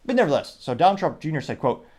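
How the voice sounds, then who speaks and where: A man's voice: on the high side, big pitch swings, very fast, darkish tone. A man from the United States hosting a solo political commentary podcast, rambling and breaking off mid-sentence while reading listener comments aloud. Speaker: podcast host.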